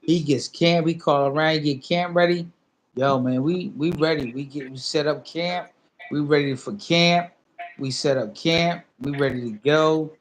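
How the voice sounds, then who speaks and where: Animated middle-aged man telling a story. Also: a little high, unhurried, a little hiss or hum. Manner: animated storyteller who acts out both sides of a phone call; loose, repetitive phrasing with many fillers. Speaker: interview guest, former boxer. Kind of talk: casual storytelling in a sit-down interview.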